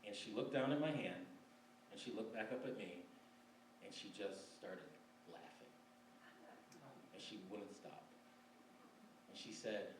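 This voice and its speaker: A man in his forties from Michigan tells a personal story on stage in a relaxed, wry way, often laughing. He is picked up from a distance in an echoey room, with faint room noise behind him. His voice sits at a middle pitch. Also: a little slow, long pauses. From Michigan, USA. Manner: wry, conversational, laughs between lines. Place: library event room before an audience. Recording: roomy live recording from a distance.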